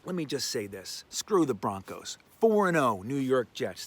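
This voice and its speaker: A man's voice: medium pitch, sing-song, measured pace, hardly any pauses, fairly bright tone, a little hiss or hum. A man hosting a fan show, giving brash, joking sports predictions in casual commentary. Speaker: fan podcast host.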